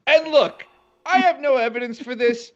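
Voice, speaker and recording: A man's voice: very high-pitched, moderate pace, highs cut off. A man joining a podcast as a guest, teasing and joking in comedic banter.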